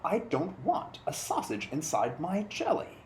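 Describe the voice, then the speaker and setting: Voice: medium pitch, big pitch swings, measured pace, slight background noise. Brief: cranky picture-book king, fussy and complaining, voice swooping up and down , read by a storyteller. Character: fussy hungry grumpy king. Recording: roomy echo.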